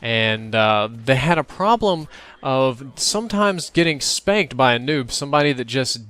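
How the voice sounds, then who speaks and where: Smooth-voiced young man doing game commentary. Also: medium pitch, lively intonation, a little slow, fairly bright tone. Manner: conversational, reflective, laughs now and then. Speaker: gaming commentator. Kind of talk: casual gameplay commentary.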